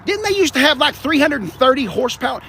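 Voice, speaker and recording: Chatty man with a gravelly, lively voice. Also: very high-pitched, fast, a little hiss or hum. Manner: animated and chatty, talks to cars and viewers. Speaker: car vlogger. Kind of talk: live-streamed dealership walkaround. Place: outdoors on a car dealership lot.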